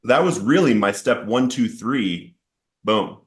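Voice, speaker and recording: A man's voice: medium pitch, animated, slow pace. A man sharing an earnest, emotional personal testimony about addiction and recovery as a podcast guest. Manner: earnest, storytelling with rising intensity in quoted outbursts.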